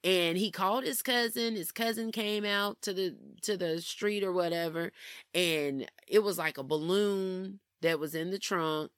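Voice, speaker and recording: A young adult woman telling a personal story in a casual, animated way, often calling her listeners "y'all". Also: lowish voice, measured pace, dry recording, studio quality. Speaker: vlogger.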